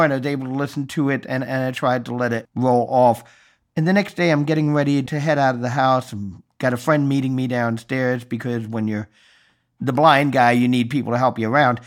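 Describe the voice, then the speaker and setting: Male podcast host, storytelling monologue, dry self-deprecating wit, medium-pitched voice.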